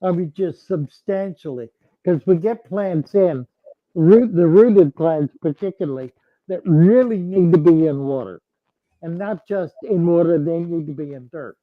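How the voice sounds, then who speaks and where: A man hosts a relaxed livestream chat, working through his thoughts aloud with plenty of restarts. He talks very slowly in a slightly raised voice. The sound is dull and lo-fi, with a dry close feel. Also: a little high, dry recording. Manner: halting, thinking aloud with frequent restarts. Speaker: host answering viewers.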